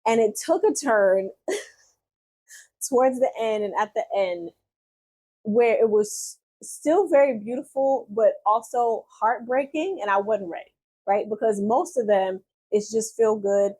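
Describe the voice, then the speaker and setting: A woman in her thirties, a vlogger telling a personal story in a candid, chatty way, with many fillers and soft laughs. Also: fairly high pitch, slow, husky.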